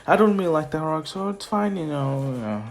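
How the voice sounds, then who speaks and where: A man's voice: a little high, expressive, a little fast. Casual rambling young man retelling a story. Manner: rambling, filler-heavy, offhand. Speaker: YouTuber. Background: faint music.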